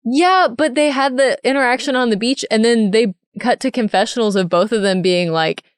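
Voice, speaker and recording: A woman's voice: on the high side, normal speed, clean tone, no room sound, studio quality. A woman co-hosting a podcast, chatting in a conversational, giggly way. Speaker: podcast co-host. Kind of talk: casual podcast chat.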